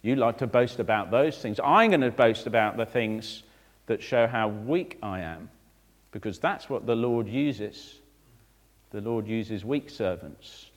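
A man's voice: on the low side, lively intonation, unhurried, big-room sound. A man, a vicar, preaching a sermon with rhetorical questions and direct asides to children.

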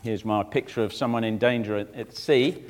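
A man preaching through a Bible passage, conversational and animated, acting out the verses with asides to his listeners. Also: lowish voice, moderate pace. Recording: long reverb of a large hall.

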